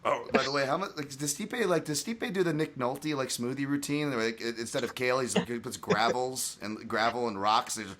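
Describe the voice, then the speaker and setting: A man hosts a casual podcast over a video call, talking with energy and chiming in fast with agreement. His voice has a bright, forceful edge, sitting at an ordinary male pitch. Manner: energetic, quick to react and agree. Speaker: podcast host.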